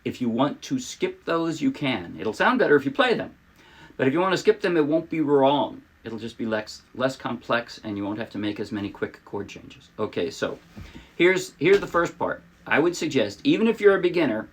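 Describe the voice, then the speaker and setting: A man's voice: medium pitch, very animated, normal speed, husky. A man giving a casual ukulele lesson, chatty and a little self-deprecating, demonstrating as he talks. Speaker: ukulele teacher. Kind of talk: casual tutorial talk. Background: ukulele playing.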